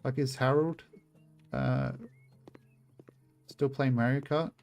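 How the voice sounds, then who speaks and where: Soft music plays behind a man whose mid-range voice is creaky and darkish, his intonation fairly even and his pace slow. It's casual gameplay streaming chat, full of rambling asides to his audience and plenty of swearing.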